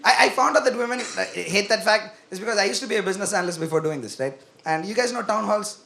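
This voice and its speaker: A young man performing a self-deprecating stand-up comedy set on a comedy club stage, animated and acting out quoted voices, into a handheld stage mic. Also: high-pitched, fast talker, vocal fry.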